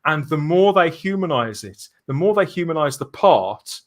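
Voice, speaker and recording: A man with a high, very expressive voice that swings widely as he talks. He is a podcast guest, chatty and earnest, and laughs easily between his points. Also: normal speed. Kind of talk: casual podcast discussion.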